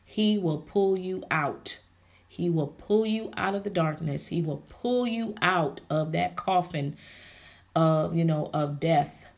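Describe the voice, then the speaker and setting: A woman's voice: fairly low pitch, slow, a little mellow. A woman hosting a podcast, giving motivational faith talk to women, preachy and repeating her phrases for emphasis. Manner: preachy, repeats phrases, calls listeners honey and ladies. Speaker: podcast host.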